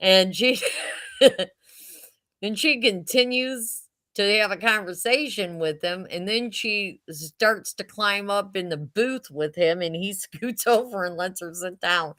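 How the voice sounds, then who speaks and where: A woman in her sixties telling family stories casually, chatty and animated, often laughing as she goes. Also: medium pitch, takes it slowly. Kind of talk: casual storytelling.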